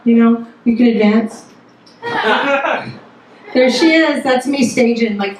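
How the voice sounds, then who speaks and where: A woman's voice: fairly high pitch, slow pace, pauses often. Profane, jokey woman in an echoey venue. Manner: profane, frank and jokey, laughs often. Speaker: storyteller at a live show. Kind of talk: comic personal storytelling. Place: live storytelling stage before an audience. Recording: very echoey venue, distant mic, noisy.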